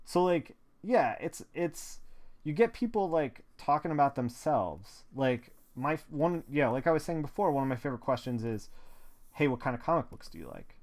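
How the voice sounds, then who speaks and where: On a live stream from his home studio, a man who colors comics makes casual conversation at his desk mic as he works. His voice sits on the high side, a little mellow and animated, at a moderate pace, and he rambles with plenty of fillers, especially "like."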